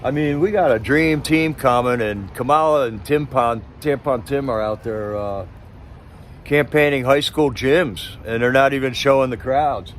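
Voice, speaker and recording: A man's voice: medium pitch, measured pace, slight background noise. A man hosting a live stream, chatting casually in a rambling, sarcastic way with many restarts.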